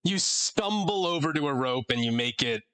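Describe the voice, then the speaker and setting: A young man running a tabletop game as dungeon master, chatty and halting, with frequent fillers and laughs. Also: fairly high pitch, animated, fairly bright tone.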